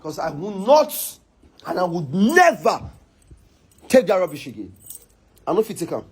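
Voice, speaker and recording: A man's voice: high voice, very animated, moderate pace, slightly rough, rough recording. A man with a Nigerian accent giving a heated online rant, scolding and exasperated, repeating himself again and again.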